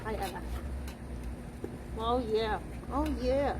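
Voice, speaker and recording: Woman streamer chatting slow and sweet to her dogs outside, noisy background hiss. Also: fairly high pitch. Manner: cooing baby talk to pets. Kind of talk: casual talk to her dogs. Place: outdoors with dogs by water.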